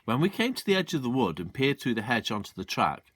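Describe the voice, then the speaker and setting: A man's voice: medium pitch, very animated, quick pace, a bit bright, slightly rough, dry recording. A male teacher reading a children's novel aloud expressively, shifting between character voices. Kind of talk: storybook read-aloud.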